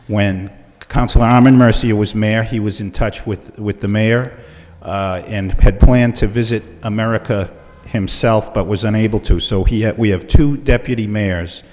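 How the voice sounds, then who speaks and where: A man, the mayor, chairing a city council meeting and introducing guests in a measured way, with frequent fillers. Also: on the low side, a little mellow. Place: council chamber. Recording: reverberant chamber on meeting mics.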